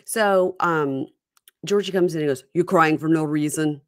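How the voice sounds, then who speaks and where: Woman co-host, casual chatty recapper, low-pitched, dry close mic. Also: unhurried, no room sound. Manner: chatty, recounts scenes in quoted voices. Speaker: podcast co-host. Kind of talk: casual chat recapping a reality show.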